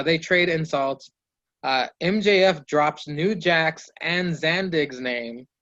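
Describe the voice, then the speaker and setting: A man with a fairly high voice hosts a casual podcast, running through wrestling segments in loose play-by-play. He swears freely and slips into quick impressions of the wrestlers. The audio is dull and lo-fi. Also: fairly bright tone. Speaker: podcast host.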